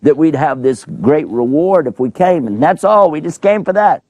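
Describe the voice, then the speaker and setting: A man voicing a group of nervous court magicians in a children's story, raising his voice high and pleading. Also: expressive, moderate pace, a little mellow, no room sound.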